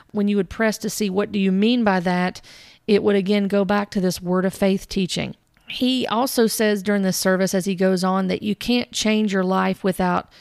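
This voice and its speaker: A woman host giving measured, thoughtful commentary on church teaching, reading scripture passages aloud as she goes. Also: mid-range voice, creaky, darkish tone, no room sound, studio quality. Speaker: podcast host.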